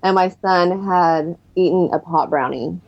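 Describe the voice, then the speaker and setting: A woman's voice: on the low side, normal speed. A woman in her thirties, a guest in an interview, candidly telling her own story of recovery. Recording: dull lo-fi recording.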